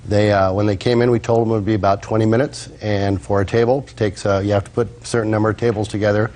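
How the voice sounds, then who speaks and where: A man testifying as a restaurant manager witness, hesitant and full of pauses and restarts. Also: fairly low pitch, little pitch movement, a little mellow. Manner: hesitant, with many ums and restarts. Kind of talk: courtroom testimony.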